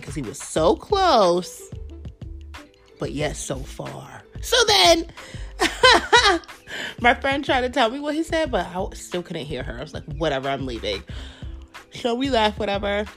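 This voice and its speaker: A young woman in her twenties tells a story to her viewers in a loose, blunt way, swearing freely and snacking as she talks. Her voice sits at a middle pitch, and soft music plays faintly behind her. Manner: blunt, profane, animated retelling. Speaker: vlogger. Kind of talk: casual storytelling while eating.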